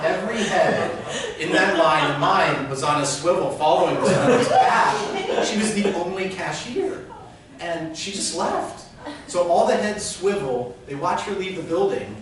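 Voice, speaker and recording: Animated man telling a story in a big echoey room. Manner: animated, acts out voices in quotes. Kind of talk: live comic storytelling. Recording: very echoey room, mic at a distance, rumbling noise.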